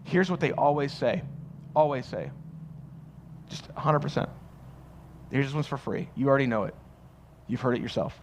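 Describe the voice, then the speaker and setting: A man's voice: medium pitch, normal speed, long pauses, slight background noise. A man preaching a sermon as pastor, conversational and joking, acting out quoted voices. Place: church.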